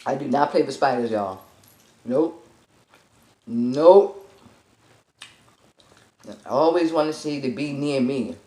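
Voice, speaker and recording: Brief: low-pitched woman, storytelling eating-show host, very lively delivery, echoey room. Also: slow, long pauses. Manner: animated storytelling with squealing exclamations and laughter. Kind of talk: casual storytelling while eating. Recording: echoey room with faint music.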